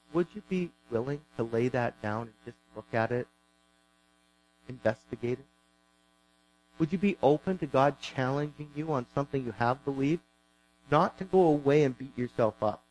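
A man's voice: mid-range voice, darkish tone, poor audio. A man preaching a sermon as pastor, earnest and pleading, repeating words as he builds his points.

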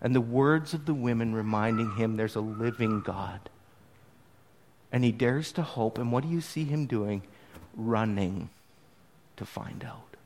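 A man preaching a sermon to his congregation in an expressive, conversational storytelling manner. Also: medium pitch, unhurried, a little hiss or hum. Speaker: pastor. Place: church service.

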